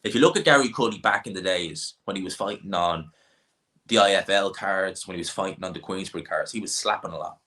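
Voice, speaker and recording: Young guy, low voice, rambling boxing chat and answering the chat. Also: a little fast, pushed and bright. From Ireland. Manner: rambling, repeats himself, answers chat questions. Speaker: boxing channel host. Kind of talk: casual live-stream chat.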